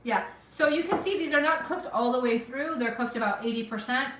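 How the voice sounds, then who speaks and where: Middle-aged woman, slightly high voice, friendly and encouraging cooking-stream host, a bit sniffly, recorded off-mic in a roomy kitchen. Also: a little fast, fairly bright tone, distant mic, a little hiss or hum. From Afghanistan. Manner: chatty, encouraging, talks to viewers while cooking. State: sniffling from allergies. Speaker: cooking livestreamer. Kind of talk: casual live cooking stream chat. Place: home kitchen.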